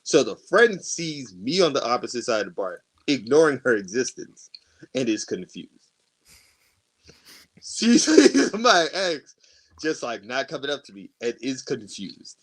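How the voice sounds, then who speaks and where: Podcast guy telling a wild story, cussing a lot, really lively voice. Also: mid-range voice, unhurried. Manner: animated, profane, laughing storyteller. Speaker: podcast co-host. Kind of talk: casual storytelling chat.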